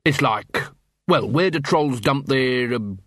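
A man's voice: medium pitch, animated, fairly bright tone, dry recording, clean studio sound. A man voicing a curious male dwarf who thinks things through aloud, read as an audiobook character. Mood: reasoning. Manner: quick-thinking, explaining, reasoning aloud.

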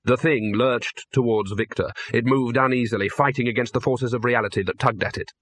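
Bright-voiced male audiobook narrator. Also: mid-range voice, fairly even intonation, fairly quick.

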